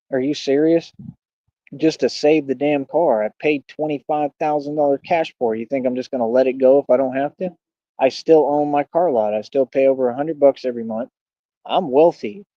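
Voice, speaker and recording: A man's voice: medium pitch, mellow, no echo, lo-fi sound. A man hosting a livestream, combatively mocking and taunting a rival in a heated rant. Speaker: livestream host.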